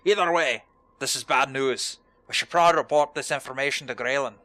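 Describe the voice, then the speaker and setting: Stern dwarf quest-giver from a fantasy game, gruff and bright-toned, put on by a man in a strained dwarven accent. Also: medium pitch, a little fast, dry recording, natural voice.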